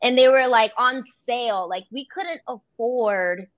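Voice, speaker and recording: A woman guest speaking in a heartfelt way, filling pauses with "like" and "you know," over dull, dry remote-call audio. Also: fairly high pitch, no echo. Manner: heartfelt, with many fillers. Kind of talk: interview.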